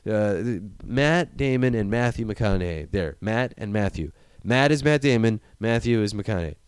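A man's voice: fairly low pitch, animated, normal speed, clean tone, no echo. A young man in casual chat, retelling a movie in a rambling, profane way and acting out the characters.

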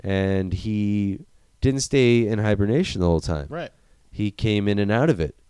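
A man's voice: lowish voice, lively intonation, normal speed, mellow, clean tone, no room sound, clean studio sound. A young man in casual chat, retelling a movie in a rambling, profane way and acting out the characters.

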